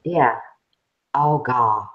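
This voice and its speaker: A woman with a Southern US accent co-hosting a casual chat, talking in an animated, chatty way and laughing often. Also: very deep voice, very slow, lo-fi sound. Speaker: co-host.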